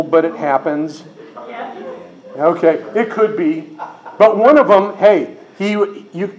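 An older man teaching a sermon on scripture in a folksy, joking way, slowing down to read verses. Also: on the high side, a little mellow. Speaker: Bible teacher.

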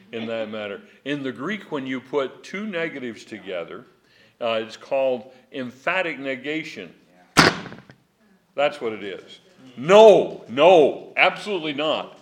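A man's voice: medium pitch, a bit bright. A man teaching a Bible class in a folksy, digressive way, chuckling often.

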